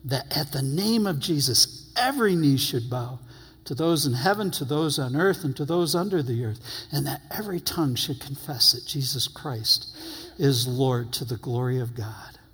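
A man preaching a sermon, reading scripture aloud and stressing his phrases slowly and emphatically. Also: medium pitch, animated, fairly bright tone, slightly rough. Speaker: pastor. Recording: long hall reverb.

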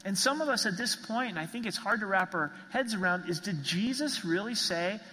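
A man's voice: high-pitched, expressive, fairly quick, bright, forceful tone, in a large hall, rough recording. A man preaching a sermon as pastor, earnest and emphatic, driving points home with repeated phrases.

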